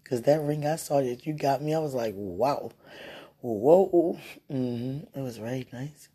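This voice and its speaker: A woman's voice: a bass voice, fairly even intonation, a little fast, mellow, husky. A woman leaving a tender, teasing phone message for her partner, with the phone held close to her mouth. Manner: tender, sweet-talking, teasing.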